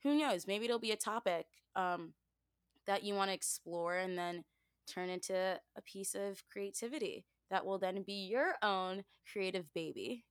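A woman's voice: mid-range voice, a little slow, smooth, no room sound, studio quality. A young woman, a guest on a podcast, talking in a chatty, upbeat way with lots of "like". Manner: chatty, upbeat, says "like" often. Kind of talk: casual podcast chat.

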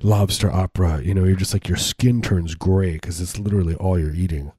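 A man with a low, husky, dark voice riffs loosely through a casual comedy chat, rambling and padding his talk with fillers. The sound is dry and close, with no room around it. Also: brisk, no room sound. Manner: rambling, riffing, full of filler words.

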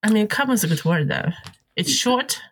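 A woman's voice: medium pitch, expressive, normal speed, slight background noise. A woman co-hosting a casual podcast, teasing and giggling, trading crude jokes. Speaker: podcast co-host. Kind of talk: casual chat.

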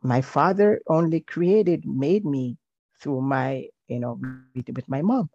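Gravelly warm woman. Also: extremely low pitch. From Jamaica. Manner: hesitant, pauses with um, faith-filled. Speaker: podcast guest, counselor. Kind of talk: reflective personal storytelling. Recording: dull, lo-fi recording.

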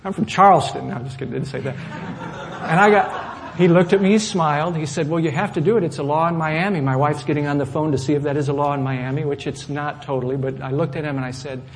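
A middle-aged male pastor telling a personal story in a sermon, swinging from loud, animated outbursts to soft asides. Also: fairly high pitch, fast talker. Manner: animated storyteller, rising loud when acting out anger, dropping soft for asides.

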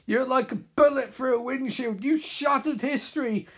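A man reading out the lines of a gloating male super-speed villain in a comic recap, with a loud, theatrical, taunting delivery. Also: normal speed, husky, exaggerated voice. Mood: menacing. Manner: taunting, theatrical, louder and higher than his own voice. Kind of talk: comic recap with read-out character voices.

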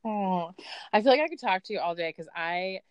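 A woman's voice: mid-range voice, lively intonation, brisk, smooth, no room sound. A woman in her thirties hosting a casual conversation, bubbly and enthusiastic, and she often says "like". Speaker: host.

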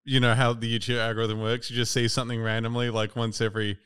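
A man's voice: medium pitch, level tone, fast, a crowd in the background. A man hosting a podcast in casual chat, chatty and laughing often, swearing freely. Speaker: podcast host.

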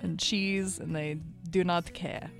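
A woman's voice: on the low side, fairly even intonation, takes it slowly. A young woman co-hosting a casual podcast, chatting and introducing songs with a jokey, giggly manner. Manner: giggly, jokey, breaks into laughter. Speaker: podcast co-host. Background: faint music.

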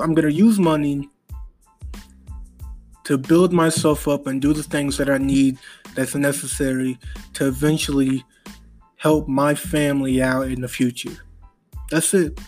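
A young man hosting his own podcast, talking earnestly and a little emotionally in a halting monologue full of restarts. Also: a little high, darkish tone. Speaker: podcast host. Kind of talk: solo motivational podcast monologue.

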